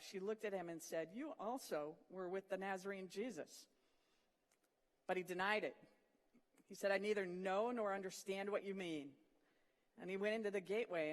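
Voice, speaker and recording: Earnest preacher in a reverberant hall. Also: mid-range voice. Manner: earnest, retelling scripture vividly, dropping soft for emphasis. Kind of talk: sermon. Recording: long reverb of a large hall.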